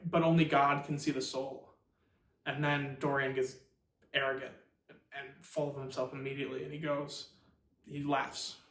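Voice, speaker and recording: A man hosts a book channel and gives a chatty, rambling summary of a novel, full of fillers and quick restarts. His voice has a middling pitch. The sound is echoey, as if he sits some way from the mic in a bare room. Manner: rambling, filler-heavy, animated retelling. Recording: roomy echo, far from mic.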